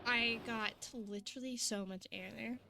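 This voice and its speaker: A young woman streaming a game, chatting excitably with her viewers and laughing often. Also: fairly high pitch, a little slow, creaky, slight background noise. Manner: excitable, giggly, chatty with chat. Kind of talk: casual gaming live-stream chat.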